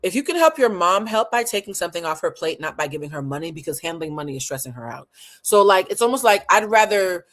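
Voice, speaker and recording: A woman's voice: fairly low pitch, fast. Playful, blunt woman reading tarot live. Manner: animated, playful and blunt, laughs often; casual slang-heavy chat with viewers. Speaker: tarot reader.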